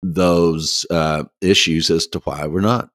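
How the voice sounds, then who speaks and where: A man telling a folksy story in a casual interview, halting with many restarts and laughing at himself. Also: low-pitched, fairly even intonation, a bit bright, no echo, clean studio sound. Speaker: guest.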